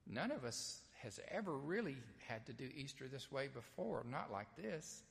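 A man's voice: mid-range voice, big pitch swings, normal speed, gravelly, hardly any pauses. A man preaching a sermon to a nearly empty church, speaking in a conversational, earnest way with hesitant restarts. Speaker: pastor. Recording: long church reverb.

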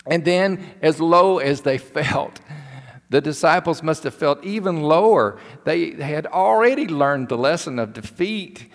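Male pastor, sermon storyteller, emphatic and repetitive, deliberate pace, echoing sanctuary. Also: a little high, animated. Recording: long hall reverb.

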